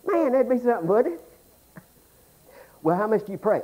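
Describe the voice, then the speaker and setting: Pastor, male, folksy and joking, voice leaps up and drops to near-hush, very animated pitch. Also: a little fast. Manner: folksy, joking, swings between loud and hushed. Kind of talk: humorous sermon.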